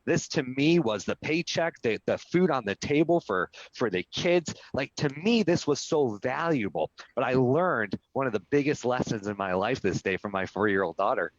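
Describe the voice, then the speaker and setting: A man's voice: medium pitch, lively intonation, normal speed, few pauses, no echo. Earnest man telling a personal story. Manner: earnest, personal, repeats "right?". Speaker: real estate brokerage executive, guest. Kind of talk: live video call interview, storytelling. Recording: dull lo-fi sound, dry.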